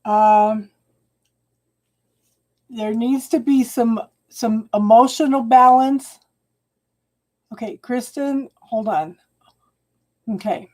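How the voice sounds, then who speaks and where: Warm-voiced woman giving a live tarot reading. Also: fairly high pitch. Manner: halting and repetitive, restarting phrases and calling viewers hun. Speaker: tarot reader. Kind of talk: live-stream tarot reading, talking to viewers.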